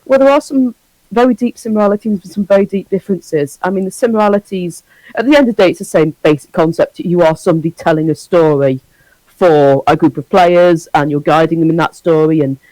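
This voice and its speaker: A woman's voice: on the low side, fairly quick, dark tone, no echo, poor audio. A woman dungeon master calling in for a casual chat, chatty and self-deprecating, acting out little scenes. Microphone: call-in line.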